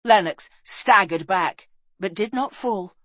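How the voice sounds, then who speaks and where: A woman narrating a fantasy adventure book, reading expressively and dropping low and soft in the sad passages. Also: slow pace, no echo. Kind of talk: dramatic storybook narration.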